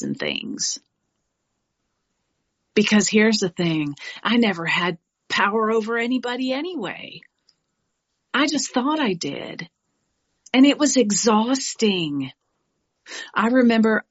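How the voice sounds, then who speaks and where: At a recovery meeting, a middle-aged New York woman with a lowish voice gives a candid, animated personal share sprinkled with frank asides. The recording sounds lo-fi.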